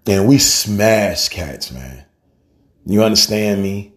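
A man's voice: fairly low pitch, slow. A middle-aged man giving a heartfelt spoken tribute in a casual, slangy way, calling the listener family and man. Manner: animated storyteller, softens when grieving. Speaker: guest speaker.

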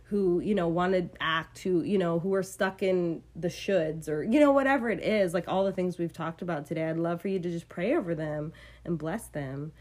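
A woman's voice: lowish voice, normal speed, a little mellow. A woman in her forties hosting a casual faith podcast, talking in a gushing, rambling way with lots of fillers. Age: 40s. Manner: effusive, rambling, many fillers. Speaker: podcast host.

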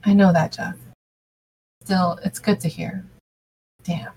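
A woman's voice: fairly low pitch, level tone, takes it slowly, dark tone, a little hiss or hum, poor audio. A woman reading the lines of an earnest, sentimental young woman in an amateur fan fiction reading. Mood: light.

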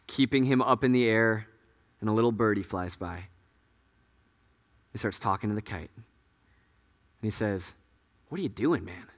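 Earnest pastor preaching in an echoey hall. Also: male voice, on the low side, clean tone. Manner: earnest, conversational preaching, dropping to hushed tones. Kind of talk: sermon.

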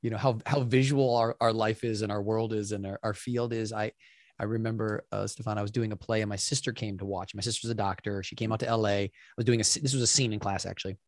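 A man hosting an interview, chatting casually and telling lively stories full of fillers. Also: on the low side, fast, dry recording, studio quality. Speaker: podcast host.

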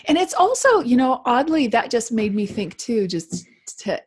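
A woman speaking in an earnest, reflective way in a casual conversation, with soft laughs. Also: a little high, big pitch swings, normal speed, husky.

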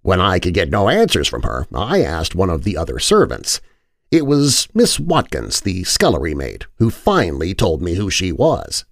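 A man's voice: low voice, huge pitch swings, moderate pace, gravelly, dry recording, clean studio sound, exaggerated voice. A man voicing an older woman servant telling an old story. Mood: reminiscing.

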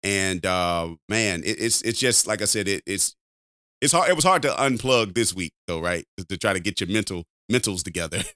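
A man with a low, smooth voice co-hosts a podcast, talking loosely with restarts and easy laughter. The sound is dry and close. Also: animated, moderate pace, bright, forceful tone, no room sound. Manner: rambling, laughs often, repeats words. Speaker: podcast co-host. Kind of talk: casual chat.

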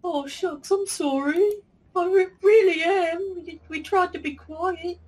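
A woman playing a tabletop game, sweet and apologetic in tone, on low-quality home audio. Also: a little slow. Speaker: player.

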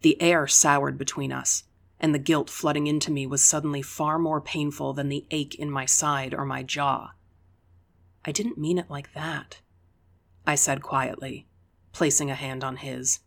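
Even, unhurried first-person audiobook reader. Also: mid-range voice, vocal fry. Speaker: audiobook narrator.

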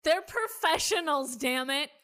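A woman talks through a TV episode with her co-host in a high, bright voice. She is chatty, fills her sentences with "like," and laughs often. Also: lively intonation, measured pace. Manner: chatty, laughs a lot, fillers like "like". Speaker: podcast co-host. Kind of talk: casual chat recapping a TV episode.

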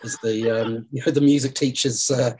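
A man's voice: medium pitch, fairly even intonation, moderate pace, darkish tone, husky, poor audio. A man hosting a casual film podcast over a remote call, chatty and wry. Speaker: podcast host.

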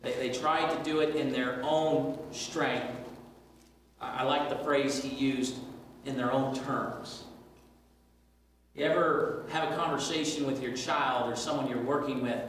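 A man's voice: medium pitch, steady tone, unhurried, fairly bright tone. A man leading a church Bible class, emphatic and preacherly, asking the class questions. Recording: echoey room from far off, faint noise.

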